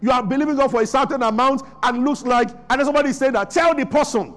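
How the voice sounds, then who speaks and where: A man's voice: very high-pitched, a little fast, hardly any pauses. A man preaching a sermon as pastor, asking the congregation questions and answering them himself.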